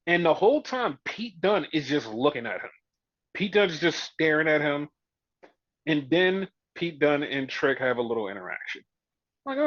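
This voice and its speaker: A man with a fairly high voice chats through a wrestling recap, swearing freely and acting out what the wrestlers said. The sound is dry and dull, like a lo-fi home recording. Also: moderate pace, dry recording. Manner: profane, animated retelling with mimicked quotes. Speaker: podcast host. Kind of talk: casual wrestling recap chat.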